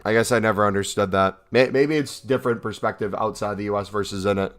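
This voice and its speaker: A man's voice: lowish voice, fairly even intonation, quick pace, fairly bright tone. A young American man casually chatting on a livestream, reading out and answering chat questions with jokes. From United States. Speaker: streamer reading live chat.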